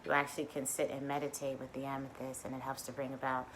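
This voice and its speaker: A woman hosting a casual mindfulness livestream, bubbly and excitable, talking straight to her viewers. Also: a bass voice, fast talker, background noise.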